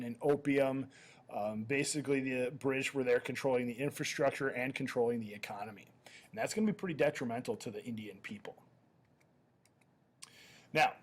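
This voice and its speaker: Guy teaching history over slides, mid pitch, lots of uhs and ums, fixes his own slips. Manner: conversational, many "uh" and "um" fillers, self-correcting. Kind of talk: recorded slideshow lecture.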